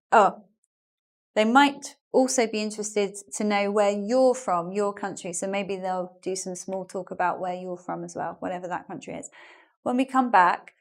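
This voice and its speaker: A woman with a British English accent from England, teaching an online English lesson in a chatty way and explaining phrases with examples and asides. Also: mid-range voice.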